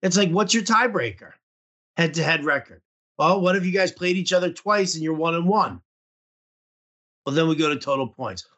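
A man's voice: a little high, expressive, normal speed, long pauses, fairly bright tone, dull audio. A young man co-hosting a casual podcast chat, rambling with lots of fillers. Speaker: podcast co-host.

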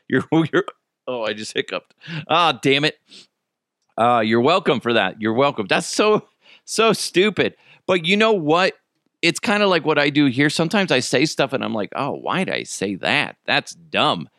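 A man in his thirties, mid-range in pitch, banters through his solo podcast as an animated storyteller who jokes around and swears without restraint. The sound is clean studio audio with no echo.

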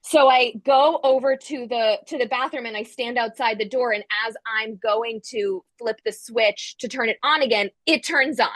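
A woman tells a story in a casual chat, lively and animated, slipping in "like" again and again and acting out what people said. Her voice sits a little high. The sound is dry and close, with no room around it. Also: moderate pace, few pauses, no room sound. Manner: animated, acts out quotes, frequent "like" fillers. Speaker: guest storyteller.

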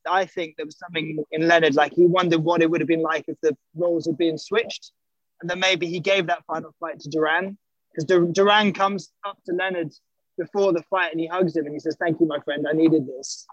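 A man's voice: on the high side, steady tone, fairly quick, dry recording, highs cut off. A man, a documentary director as guest, giving reflective interview answers with frequent restarts.

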